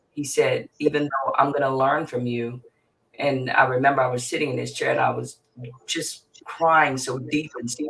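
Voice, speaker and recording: A middle-aged mental health therapist from Virginia, USA, speaks as an interview guest in a rumbling low, gravelly voice with a fairly bright tone. Her emotional interview talk is emphatic, repetitive and impassioned. The mic sits at a distance and picks up faint noise.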